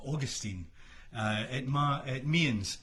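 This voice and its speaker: A Scottish singer and musician with hay fever chats casually between songs on a livestream from his home in Florida. He speaks slowly in a medium-pitched, slightly bright voice, rambling, trailing off with ums and chuckling often.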